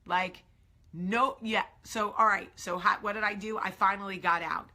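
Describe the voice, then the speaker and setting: A woman's voice: medium pitch, fairly even intonation, moderate pace, sharp tone. A woman with a New York area accent, hosting a casual morning vlog and talking emphatically and earnestly straight to her viewers. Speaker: show host.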